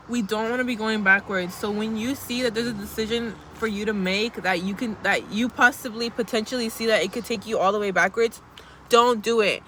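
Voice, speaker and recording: A woman's voice: mid-range voice, steady tone, normal speed, a bit bright, a little hiss or hum. Sweary young woman vlogging outdoors. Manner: chatty, blunt, sweary, calls viewers girl. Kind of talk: casual motivational pep talk to camera.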